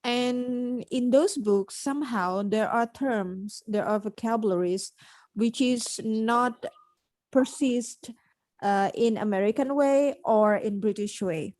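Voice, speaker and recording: A woman's voice: on the high side, slow pace, darkish tone, dry recording. A woman with an Indonesian accent, an English teacher in a casual podcast conversation, talking thoughtfully and searching for words.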